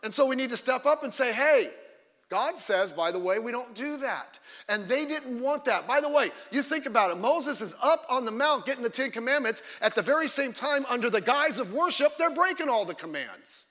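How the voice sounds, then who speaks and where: A man preaching a sermon as a pastor, emphatic and fiery, often breaking off into quick asides. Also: very high-pitched, lively intonation, bright, forceful tone, long reverb tail.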